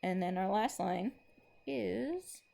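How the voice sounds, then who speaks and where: A woman teacher giving a relaxed recorded lesson, thinking aloud with lots of ums and stretching out lines of verse slowly. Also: mid-range voice, gravelly. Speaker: English teacher.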